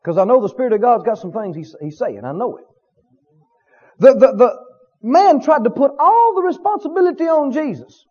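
A man's voice: very high voice, expressive, normal speed, mellow, breathy edge, muffled recording. A man preaching a sermon with emphasis, often asking the congregation questions.

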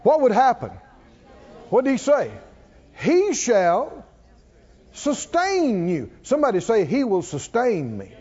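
A man preaching a sermon, calling on the congregation to answer back and building up to shouts. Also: extremely high pitch, big pitch swings, takes it slowly, long pauses, breathy edge. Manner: call-and-response, coaxing the congregation, rising to shouts. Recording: dull sound with long hall reverb.

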